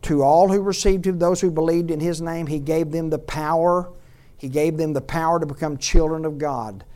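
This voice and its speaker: Man, pastor, sermon, slightly high voice, repeats for emphasis, loud peaks and soft stories. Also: steady tone, moderate pace. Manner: builds to loud shouting peaks, then drops to soft storytelling; repeats lines for emphasis, calls out to the congregation.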